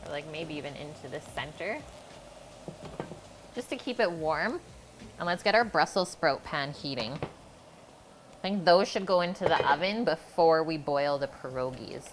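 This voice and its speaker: A woman's voice: low-pitched, a little hiss or hum. Chatty woman hosting a cooking stream. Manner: chatty, talks to chat while cooking. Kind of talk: casual live cooking chat. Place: home kitchen. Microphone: streaming mic.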